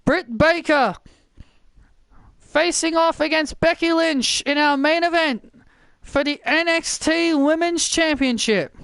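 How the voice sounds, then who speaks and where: A man giving excited play-by-play commentary over a wrestling video game, often shouting his calls. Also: very high voice, slow, vocal fry, dry recording. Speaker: gaming commentator. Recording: loud game crowd and noise behind. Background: wrestling game crowd noise.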